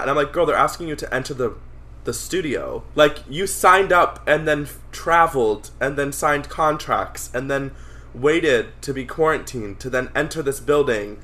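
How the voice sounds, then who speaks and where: A man's voice: mid-range voice, normal speed, sharp tone. A man guesting on a podcast in casual chat, laughing often and retelling scenes animatedly, calling in over a video call while on the road.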